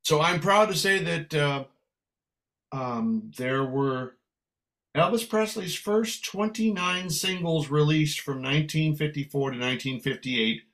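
Older man telling a lively story. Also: medium pitch. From San Francisco, USA. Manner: animated anecdote telling with acted dialogue. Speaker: guest musician. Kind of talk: storytelling in conversation.

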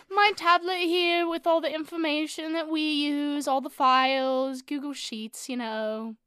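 A woman acting out a prim, polished businesswoman with a high voice, speaking slowly and with measured politeness. The recording is dry and close. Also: fairly even intonation, fairly bright tone, no echo. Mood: polite. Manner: prim, polite, slow and deliberate. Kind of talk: improvised comedy scene.

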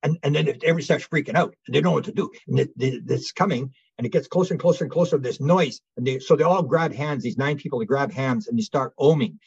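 Husky-voiced man telling an animated story. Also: mid-range voice, fast, hardly any pauses, no room sound, dull audio. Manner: animated storyteller with frequent restarts. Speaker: guest researcher. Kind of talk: storytelling in an interview.

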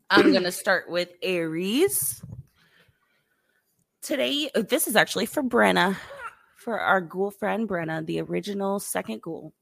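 A woman's voice: mid-range voice, animated, a little slow, gravelly, pauses often, fairly bright tone, no room sound. A woman co-hosting a casual podcast, playful and giggly, reading out horoscopes. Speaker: podcast co-host.

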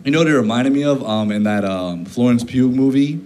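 A man in casual conversation, loose and laid-back, his talk full of fillers and the odd swear. His voice sits at an ordinary middle pitch. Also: brisk, a little mellow. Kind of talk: casual chat.

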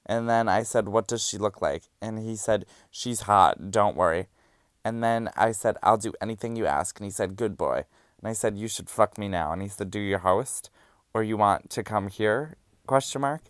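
A young man hosting a podcast, reading out messages in a low-key, dry deadpan with sassy asides. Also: normal speed, clean tone, no room sound. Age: young adult. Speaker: podcast host. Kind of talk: candid reading of hookup-app messages.

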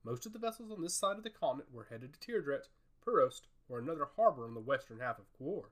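Expressive man narrating a fantasy story. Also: mid-range voice, fast.

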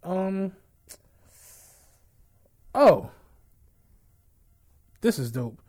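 High-voiced man telling animated stories. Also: extremely slow. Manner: animated storyteller, acts out quotes, laughs often. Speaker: podcast co-host. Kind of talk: casual podcast banter.

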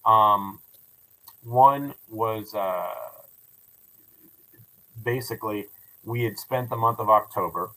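A man's voice: on the low side, slow pace, pauses often, poor audio. A man who runs a ghost tour, telling stories in a casual podcast interview with many restarts. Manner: animated storyteller with many restarts. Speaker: building owner and ghost tour operator.

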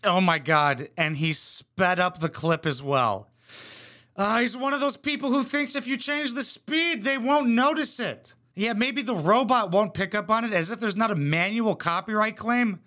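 A young man with a high, bright voice runs a comedic reaction commentary. He is crude and sarcastic and swears freely. His tone stays sharp and lifted. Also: moderate pace.

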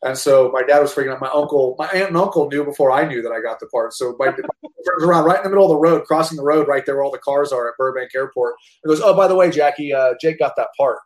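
Fast-talking man in an echoey room. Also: mid-range voice. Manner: animated, profane, full of restarts. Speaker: guest actor. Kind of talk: casual storytelling chat.

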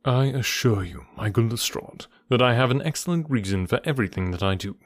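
A man voicing a composed, clever Victorian detective with a measured, dryly amused delivery in an audiobook. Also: medium pitch, animated, no room sound, natural voice.

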